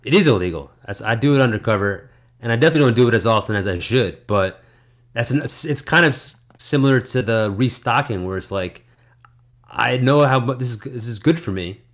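A man's voice: medium pitch, animated, brisk. A man co-hosting a podcast, rambling in a laid-back casual chat and restarting his sentences often. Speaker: podcast co-host.

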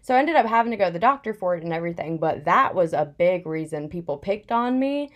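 A woman's voice: on the low side, lively intonation, quick pace, lo-fi sound. A young woman in casual chat, telling a personal story candidly with plenty of "like" fillers.

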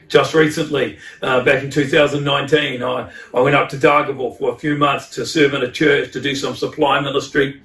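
A male pastor preaching a sermon, fervent, with repeated words and loud climbs. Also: a little high, little pitch movement, fairly quick, hardly any pauses. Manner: fervent, rising to loud exclamations. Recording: echoey hall, mic at a distance.

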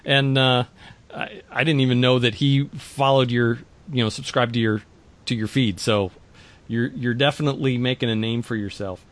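A man from the United States co-hosting a podcast, animated and laughing through anecdotes. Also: medium pitch, moderate pace. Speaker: podcast co-host. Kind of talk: casual podcast chat, storytelling.

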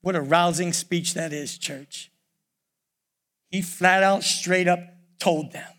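An older man preaching a sermon in a church, pausing often and calling out "church". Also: high-pitched, fairly even intonation. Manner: preaching with many pauses, repeating "church". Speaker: pastor. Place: church sanctuary. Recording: worship music under the voice. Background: soft piano and keyboard.

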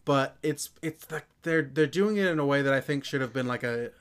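A man's voice: mid-range voice, brisk, clear, resonant tone. A man co-hosting a podcast as its producer, chatting casually with a rambling, hesitant delivery. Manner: rambling, hesitant, many fillers and restarts.

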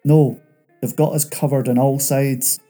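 A man's voice: medium pitch, flat delivery, a little slow, dark tone, soft background music, natural voice. A man voicing a cornered male convict who urgently argues for surrender.

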